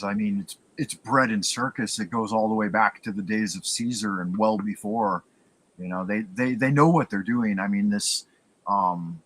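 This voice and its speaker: A man's voice: fairly low pitch, a bit bright. A man hosting a podcast, talking in an easygoing, opinionated way with jokes. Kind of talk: casual podcast conversation.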